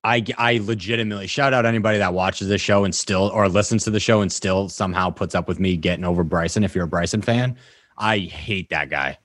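A man's voice: low-pitched, fairly quick, a bit bright, no room sound, clean studio sound. A man co-hosting a podcast, talking golf in a blunt, casual way and swearing freely. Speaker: podcast co-host. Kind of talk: casual sports chat.

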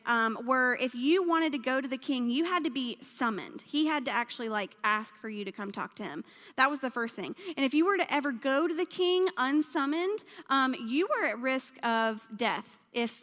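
A woman's voice: on the high side, moderate pace, a bit bright. A woman telling a Bible story in a casual sermon, chatty and slangy, full of fillers. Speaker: speaker teaching a Bible story. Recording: long hall reverb.

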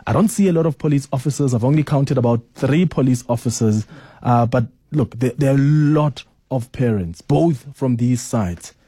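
Animated South African radio host, man. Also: medium pitch, normal speed, slightly rough, no echo, studio quality. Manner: animated, exclaims often. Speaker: radio talk show host. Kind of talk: casual talk radio.

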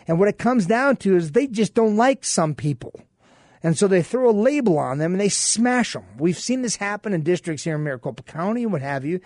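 A man's voice: a little high, a little mellow, no echo, studio quality. A man guest-hosting a political talk radio show, telling stories and acting out quoted exchanges. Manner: storytelling, acts out quoted exchanges.

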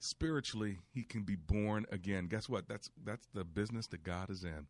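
A man's voice: fairly low pitch, moderate pace, no room sound. A man hosting a Christian call-in radio show, talking with callers in an affirming, preacherly way. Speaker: radio talk show host.

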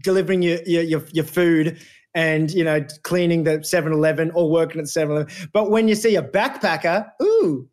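High-voiced rambling man. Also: brisk, darkish tone. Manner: rambling, repeats words when riled up. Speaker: podcast guest. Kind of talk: casual chat.

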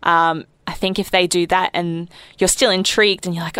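A young woman co-hosting a casual podcast, talking in a measured, reflective way with dry humour. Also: on the low side, steady tone, a bit bright, smooth, dry recording. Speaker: podcast co-host. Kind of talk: casual chat.

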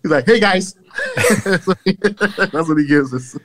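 A man chatting as a guest, playful and animated, often breaking into laughs. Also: a little high, measured pace, a little hiss or hum, low-quality recording. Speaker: guest, former pro dance team member. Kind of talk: casual chat.

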